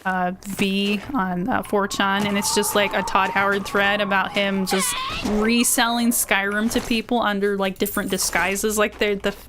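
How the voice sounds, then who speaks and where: A woman streamer chatting live while she plays, rambling and excitable and quick to yell at the game. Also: mid-range voice, background noise. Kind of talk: live gameplay stream chat. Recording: game music under the voice. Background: game music.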